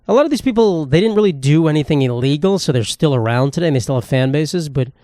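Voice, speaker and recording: A man's voice: on the high side, animated, fast, mellow, no echo, clean studio sound. Rambling, profane young man podcasting solo. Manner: rambling and profane, with sarcastic asides. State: dry throat. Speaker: podcast host. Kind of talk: casual solo podcast monologue.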